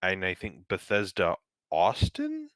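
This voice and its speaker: Podcast co-host, male, deep voice, loose rambling delivery, dry close recording. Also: wildly swooping pitch, measured pace, a bit bright, dry recording. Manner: rambling, many fillers and restarts, swears casually. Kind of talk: casual chat.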